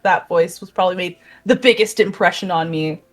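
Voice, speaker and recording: A woman hosting a casual chat, enthusiastic and quick to laugh. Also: on the low side. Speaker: host.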